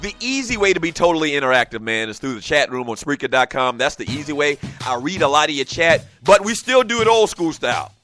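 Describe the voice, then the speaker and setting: A sports talk host with a high, bright voice, fired up and exclaiming as he rants. He is recorded dry and close, with faint music playing underneath. He repeats himself to drive each point home. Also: sing-song, quick pace, few pauses, no room sound. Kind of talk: animated sports talk rant.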